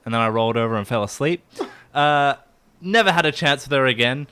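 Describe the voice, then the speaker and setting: A man's voice: medium pitch, moderate pace, pushed and bright, clean tone. A man hosting a casual comedy podcast, telling rambling stories with frequent giggles. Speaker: podcast host.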